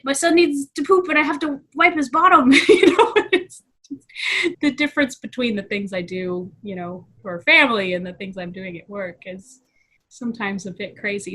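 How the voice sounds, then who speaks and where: A woman in her thirties, a VFX artist, appears as a guest in a casual interview. Her voice is medium in pitch and fairly bright, and she chats freely, laughing often and saying "you know" a lot.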